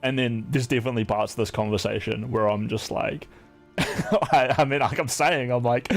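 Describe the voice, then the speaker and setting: Male streamer, mid-pitch with a gravelly edge; loose, profane, filler-heavy chat over faint music. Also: brisk.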